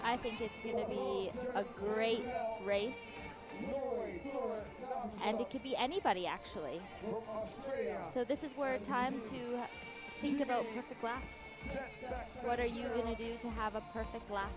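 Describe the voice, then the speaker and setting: A woman co-commentating live racing in a calm, thoughtful way. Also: a little high, unhurried, long pauses. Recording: very loud music behind the voice.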